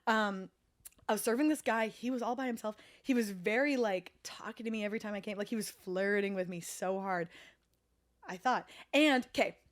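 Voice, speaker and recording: A young woman from Canada co-hosting a podcast in casual chat, teasing and bawdy and quick to laugh. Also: medium pitch. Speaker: podcast co-host.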